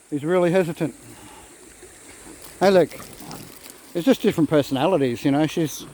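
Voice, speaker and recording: Aussie guy vlogging on his phone by a creek, chatty and rambly, bit of a higher voice, faint outdoor noise. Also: dark tone, low-quality recording. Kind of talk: casual outdoor vlog. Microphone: phone camera. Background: faint outdoor nature sounds.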